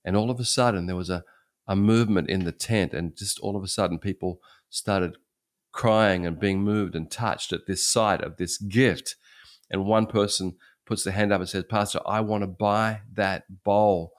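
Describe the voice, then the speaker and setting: A man's voice: deep voice, fairly even intonation, moderate pace. A man in his sixties preaching, telling stories in a conversational way that repeats and restarts phrases. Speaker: pastor. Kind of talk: sermon storytelling.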